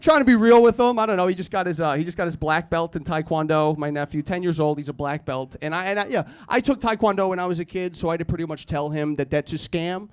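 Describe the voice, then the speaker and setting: A man's voice: fairly high pitch, quick pace, few pauses, clear, resonant tone. A man in his thirties doing a rambling stand-up comedy set, self-deprecating and acting out the people he quotes. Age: 30s. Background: audience laughter.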